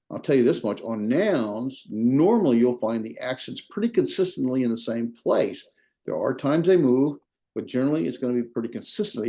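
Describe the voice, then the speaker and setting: A man's voice: medium pitch, dark tone. A man with a Southern US accent teaching a beginner Greek class in a folksy, repetitive way with many fillers. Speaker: Greek instructor. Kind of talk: informal classroom lecture.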